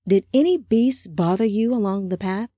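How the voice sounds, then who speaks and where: A woman voicing an uneasy young man who speaks in a guarded, measured way. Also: mid-range voice, warm tone, no room sound, clean studio sound, lightly acted.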